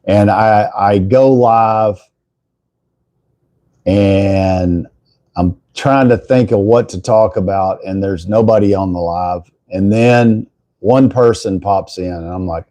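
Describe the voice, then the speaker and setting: Older texas guy rambling on his morning live stream, warm low voice, thanks folks by name. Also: takes it slowly, no room sound. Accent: Texan. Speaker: livestream host. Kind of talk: casual livestream chat.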